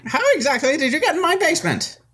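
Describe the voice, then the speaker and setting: A woman's voice: high-pitched, expressive, fast talker, a bit bright, voice pushed up. A woman voicing a fussy, indignant old male wizard in a tabletop game, stammering and querulous.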